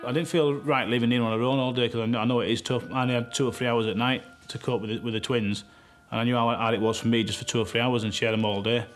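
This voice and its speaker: Father, documentary interviewee; mid-pitched, quick, relaxed delivery. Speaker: father of twins. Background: soft music.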